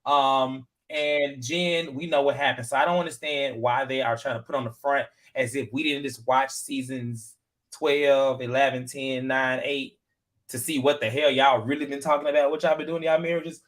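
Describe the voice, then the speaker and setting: This man co-hosts a laid-back reality TV recap podcast, speaking at normal speed in a mid-range voice. He's lively and talkative, leaning on fillers and quoting others secondhand.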